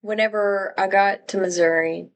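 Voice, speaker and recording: A woman's voice: mid-range voice, fairly even intonation, moderate pace, rough recording. A woman from Louisiana hosting a live stream, chatting casually and rambling as she greets viewers by name.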